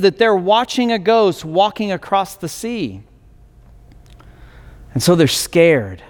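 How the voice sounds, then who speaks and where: A man's voice: high-pitched, big pitch swings, slow, pauses often, long reverb tail. A male pastor telling a scripture story in a sermon, with many restarts and fillers.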